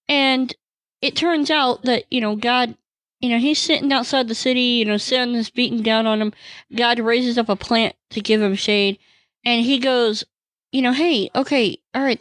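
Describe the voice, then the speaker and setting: Woman, podcast host, devotional talk, animated storytelling, higher voice, dry close sound. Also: no room sound.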